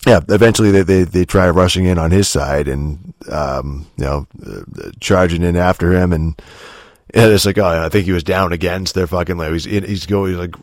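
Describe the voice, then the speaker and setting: A man's voice: low-pitched, normal speed, dry recording, studio quality. A man telling gaming stories in a casual, rambling monologue, swearing constantly and full of filler words.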